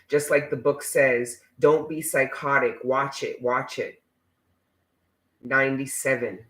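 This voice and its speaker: Tarot reader, male, fairly high voice, intense and preachy, curses casually, roomy echo. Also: fairly bright tone. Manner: emphatic, preachy, swears freely. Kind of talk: casual spiritual reading for viewers.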